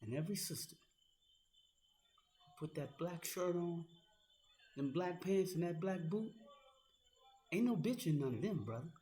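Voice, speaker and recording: A man's voice: a little high, animated, a little slow, long pauses, mellow. A man delivering a heated, profane monologue aimed directly at a critic, as an online commentator. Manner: angry, profane, confrontational, addressing a critic directly. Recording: roomy echo.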